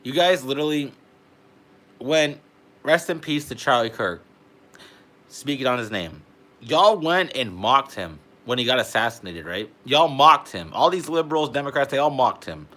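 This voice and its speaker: A man's voice: medium pitch, animated, moderate pace, pushed and bright. A young man, delivering a heated, profane political rant to camera and peppering his talk with "bro". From Canada. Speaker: vlogger.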